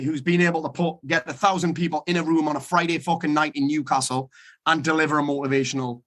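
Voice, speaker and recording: A man's voice: high-pitched, fairly bright tone. A man giving a blunt, emphatic motivational talk, swearing freely as he urges listeners to act. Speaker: motivational speaker.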